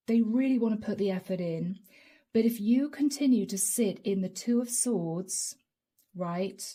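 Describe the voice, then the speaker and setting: Brief: woman, tarot reader, unhurried soft delivery, mellow tone. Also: mid-range voice. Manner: slow, soft, drawn-out delivery with whispered asides. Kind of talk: channeled tarot reading.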